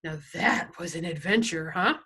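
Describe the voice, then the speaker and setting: A woman's voice: fairly low pitch, moderate pace, sharp tone, breathy edge, exaggerated voice. A woman voicing a small, clever boy who speaks in a grandly theatrical, old-fashioned way, read from a storybook. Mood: breezy. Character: small clever boy, hammy mock-knightly.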